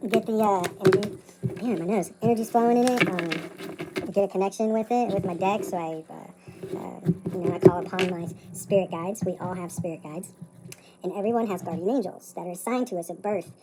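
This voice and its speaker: A woman's voice: mid-range voice, a little fast, heavy background noise. A woman reading tarot at her table late at night, talking in a loose, rambling, self-interrupting way. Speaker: tarot reader. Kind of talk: rambling casual vlog.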